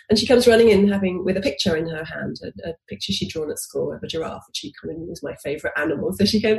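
A woman in her forties, a podcast guest telling a personal story with lively restarts and acted-out quotes. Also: fairly low pitch, quick pace, creaky. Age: 40s. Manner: animated, acts out quoted dialogue with restarts.

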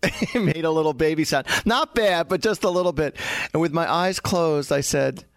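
A man's voice: on the high side, normal speed, no echo. A man, a psychic medium, chattily telling funny stories and laughing often. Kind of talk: casual storytelling.

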